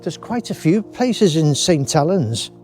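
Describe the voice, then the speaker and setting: A man's voice: on the high side, big pitch swings, measured pace, darkish tone, soft background music. Chatty man on a walk. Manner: chatty, rambling, with friendly asides. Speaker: walking vlogger. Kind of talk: casual walking commentary. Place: outdoors in a wooded country park.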